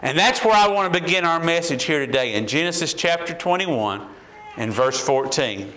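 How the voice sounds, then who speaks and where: A man's voice: on the high side, expressive, moderate pace, a bit bright, low-quality recording. A man preaching a sermon as a pastor, asking the congregation repeated questions and building in intensity.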